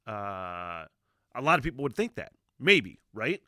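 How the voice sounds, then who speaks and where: A man's voice: fairly low pitch, sing-song, unhurried, bright, forceful tone, no room sound, clean studio sound. A middle-aged man hosting a music reaction video, rambling casually with lots of fillers and swearing.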